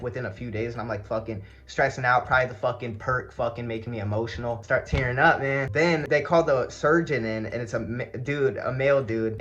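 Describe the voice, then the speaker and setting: A man's voice: medium pitch, a bit bright, lo-fi sound. A young man telling a story in a casual, laid-back way, swearing a lot and filling his talk with "like" and "bro". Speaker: vlogger.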